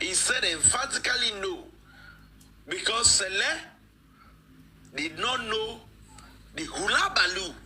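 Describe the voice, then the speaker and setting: A man's voice: high voice, very animated, measured pace, long pauses, pushed and bright, a little hiss or hum, low-quality recording. A man, speaking as a guest in a live-stream discussion, emphatic and repeating phrases for stress.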